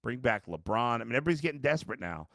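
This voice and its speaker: A man's voice: medium pitch, very animated, rapid-fire, fairly bright tone, no echo, studio quality. Exasperated sports podcast host, man. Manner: exasperated, blunt, profane, reads fan comments aloud. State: worn out and frustrated. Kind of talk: live-streamed sports reaction.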